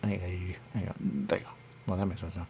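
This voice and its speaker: A man talks on his own as a radio host, his voice very deep with a gravelly fry. He rambles in loose circles and keeps coming back to the same catchphrase. A faint noise sits under the recording. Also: level tone, brisk, mellow. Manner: rambling, repeats "there you go" constantly; acts out others in a high voice. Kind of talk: rambling solo talk.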